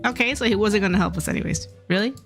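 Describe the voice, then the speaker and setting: A woman's voice: mid-range voice, racing, vocal fry, faint music behind. A woman streaming an otome game, reading its dialogue aloud and chatting playfully with her viewers, with small changes of voice for the characters.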